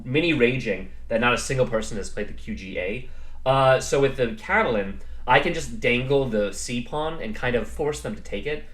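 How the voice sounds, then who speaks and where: A man's voice: medium pitch, moderate pace, a bit bright. A man casually recapping his club chess game, rambling and self-deprecating, with many fillers and restarts. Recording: roomy echo.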